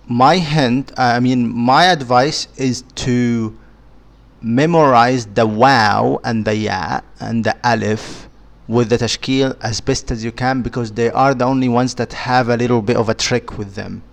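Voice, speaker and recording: A man, an Arabic speaker, leads a beginner lesson at an unhurried, deliberate pace. He patiently repeats and sounds out each letter one at a time, his voice sitting at an ordinary middle pitch. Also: steady tone, vocal fry. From Egypt. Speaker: Arabic teacher.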